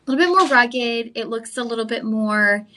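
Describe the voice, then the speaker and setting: A young woman, hosting a live shopping channel and pitching jewelry with chatty enthusiasm straight to viewers. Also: lively intonation, normal speed, sharp tone, a little hiss or hum.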